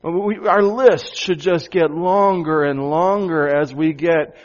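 A man's voice: fairly high pitch, slow pace. A man preaching a sermon as pastor, asking the congregation rhetorical questions and repeating phrases for emphasis. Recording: dull, lo-fi sound.

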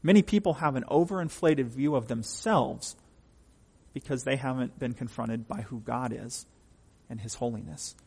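Husky preacher in a reverberant hall. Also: male voice, medium pitch, moderate pace, a little mellow. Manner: emphatic, asks the congregation questions. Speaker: pastor. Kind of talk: sermon.

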